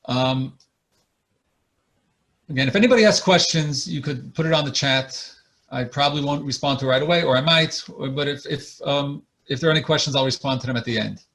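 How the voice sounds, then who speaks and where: A man's voice: mid-range voice, fairly quick, a bit bright. A man, a marriage therapist, giving an earnest online lecture over a video call and explaining his points through acted examples.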